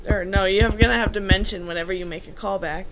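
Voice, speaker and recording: A woman's voice: mid-range voice, fairly even intonation, quick pace, loud music behind the voice. A woman guesting on a comedy podcast, chatty and teasing, laughing often. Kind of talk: casual comedic banter.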